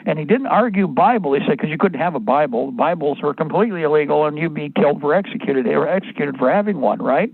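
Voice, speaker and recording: A man with a raspy, gravelly, somewhat high voice hosts a talk radio monologue. He rambles, restarts his sentences and talks bluntly, crude at times. The sound is dry and thin, like a phone line. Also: animated, quick pace, few pauses, no room sound. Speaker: radio host.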